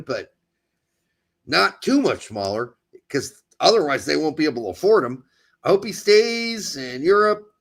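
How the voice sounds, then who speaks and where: Man, high voice, very lively pitch, heated ranting soccer chat, sarcastic. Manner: animated, ranting, sarcastic mimicry. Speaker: podcast co-host.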